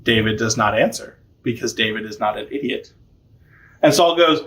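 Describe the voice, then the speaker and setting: A man teaching a catechism class, retelling a story in a chatty, informal, animated way. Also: fairly low pitch, moderate pace. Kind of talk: casual storytelling lesson.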